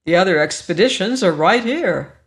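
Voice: medium pitch, animated, normal speed, close to an everyday voice. A narrator voicing a carefree alien dog. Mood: persuasive. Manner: easygoing, stubborn. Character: young shape-shifting alien in dog form, carefree.

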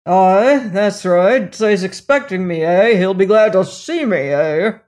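Woman doing a loud, growling rough colonial man. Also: medium pitch, animated, unhurried, lightly acted. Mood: gruff, challenging. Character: rough, surly colonial man, gruff and blunt.

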